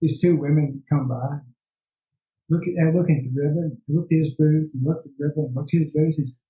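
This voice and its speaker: A man being interviewed as a guest artist, telling stories in a relaxed way with hesitant restarts. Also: a little high, a little fast, reverberant, low-quality recording. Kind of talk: casual interview chat.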